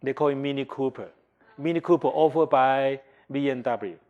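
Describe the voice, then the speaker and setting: Older guy from taiwan lecturing on marketing in english, gets animated acting out customers. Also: medium pitch, moderate pace, highs cut off. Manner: animated, acts out customer reactions, asks the class questions; non-native English, simplified grammar. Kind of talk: classroom lecture. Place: lecture hall.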